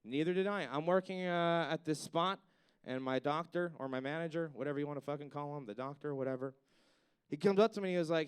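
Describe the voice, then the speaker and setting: A man's voice: fairly high pitch, fast, smooth. A man doing a stand-up comedy set on stage, rambling and swearing, with lots of "like" and "you know.".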